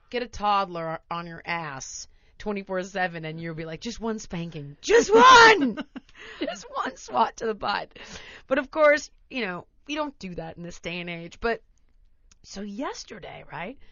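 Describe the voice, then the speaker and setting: Woman telling a story on a podcast, voice swoops up and down, bright, kinda dull dry sound. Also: mid-range voice, dry recording. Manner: animated, laughs often, acts out her toddler in voices. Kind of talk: casual storytelling chat.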